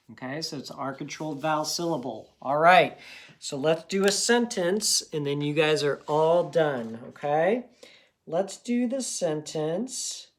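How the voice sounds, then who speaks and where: A man teaching a recorded phonics lesson to young students. He talks patiently and encouragingly and sounds out words part by part. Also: a little high.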